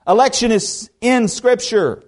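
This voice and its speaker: A man preaching an expository sermon, earnest, with emphatic rises, soft drops, conversational asides and rhetorical questions to the congregation. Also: extremely high pitch, measured pace. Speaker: pastor.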